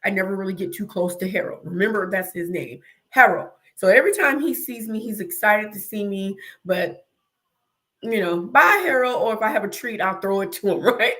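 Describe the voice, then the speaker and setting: A woman's voice: medium pitch, normal speed. A woman hosting an interview, telling a funny story with lots of laughter and acted-out screams. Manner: lively storyteller, laughs often, acts out her own screams. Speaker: host. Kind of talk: casual interview chat, animated storytelling.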